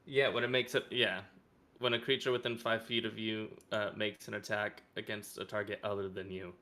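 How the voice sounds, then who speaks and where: A man's voice: lowish voice, little pitch movement, normal speed, bright, forceful tone. A man playing a tabletop game, blunt and joking. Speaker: player. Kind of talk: tabletop game play, casual.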